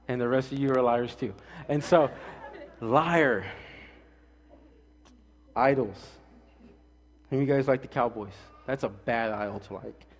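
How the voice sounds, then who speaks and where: A man preaching a casual, joking sermon as pastor, acting out quick voices to make his points. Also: mid-range voice. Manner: animated, jokey, acts out quick voices. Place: church sanctuary. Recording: church hall with long reverb.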